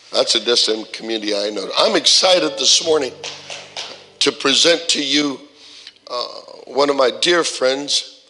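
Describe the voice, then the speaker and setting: Bantering playfully with the congregation, this pastor opens the service and brings on a guest preacher. His medium-pitched voice is bright and forceful. The sanctuary recording has slight background noise, music, and a long church-hall reverb.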